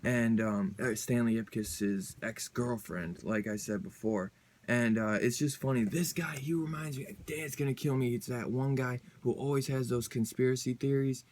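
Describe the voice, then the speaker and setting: Excited rambling man reviewing comics. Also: mid-range voice, moderate pace. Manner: excited, rambling, loose slangy storytelling. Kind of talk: casual review chat.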